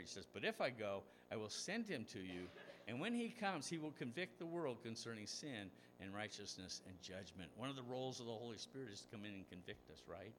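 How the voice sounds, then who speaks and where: A man's voice: medium pitch, a bit bright, a little hiss or hum. A man preaching a sermon as pastor, telling stories and asking rhetorical questions, his voice rising for emphasis.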